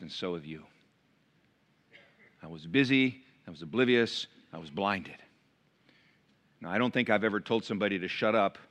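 A man preaching a sermon to his church, dynamic and emphatic, dropping to hushed tones and acting out voices in the story. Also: medium pitch. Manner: dynamic preaching, swinging from loud emphatic lines to hushed intimate ones; acts out crowd voices in quick asides. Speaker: pastor.

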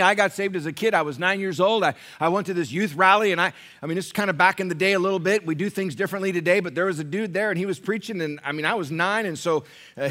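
A middle-aged American man preaching a sermon in a church, emphatic and joking, dropping to a hush and then rising loud. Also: high-pitched. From United States. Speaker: pastor.

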